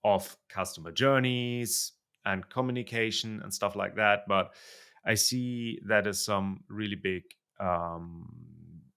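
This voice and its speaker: A man hosting a podcast interview in a relaxed conversational style, pausing and searching for the right words. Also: low-pitched, creaky. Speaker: podcast host.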